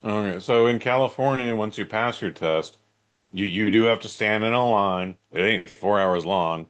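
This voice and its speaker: A man's voice: lowish voice, normal speed, muffled recording. A middle-aged man co-hosting a podcast in laid-back, joking banter. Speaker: podcast co-host. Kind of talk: casual chat.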